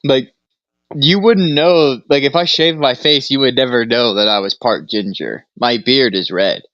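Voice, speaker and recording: A man's voice: mid-range voice, measured pace, fairly bright tone, no echo, highs cut off. A young man co-hosting a casual chat, rambling through a story, laughing often and acting out what others said. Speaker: podcast co-host.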